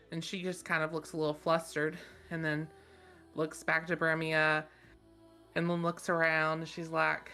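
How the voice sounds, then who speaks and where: A woman's voice: deep voice, completely flat delivery, moderate pace, sharp tone, clear, resonant tone, soft background music. A woman playing a tabletop game, loosely describing her character's actions. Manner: loose, rambling narration. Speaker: player.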